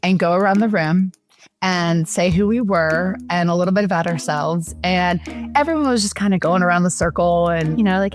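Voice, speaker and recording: A young woman, a former contestant, recounting her casting in a bubbly way and acting out the voices. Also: moderate pace. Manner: bubbly, acts out voices with big pitch jumps.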